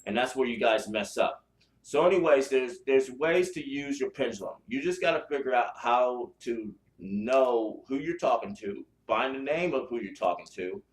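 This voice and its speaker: A man's voice: medium pitch, expressive, normal speed. A man hosting a spiritual podcast, talking bluntly and profanely in a casual chat style, with lots of restarts. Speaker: podcast host. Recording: echoey room.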